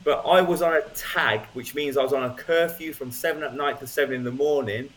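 As a guest speaker, a man tells his personal testimony in an unhurried, casual storytelling style. His loose, natural telling is full of ums and small restarts, and his ordinary middle-pitched voice is a bit bright.

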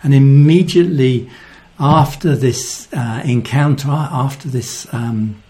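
A man preaching a sermon, earnest and reflective, often dropping to a soft voice. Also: mid-range voice, takes it slowly.

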